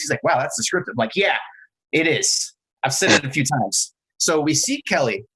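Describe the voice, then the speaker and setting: A man co-hosting a podcast, telling a story in a casual, animated way and acting out the quotes. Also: a little high, brisk, breathy edge, low-quality recording. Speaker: podcast co-host.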